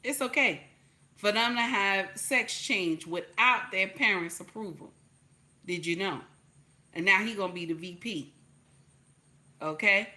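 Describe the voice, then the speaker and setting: An online commentator with a New Jersey accent gives blunt, repetitive livestream commentary, peppered with profanity and "okay?" checks. Her mid-range voice has a sharp tone, and she speaks a little slowly with long pauses.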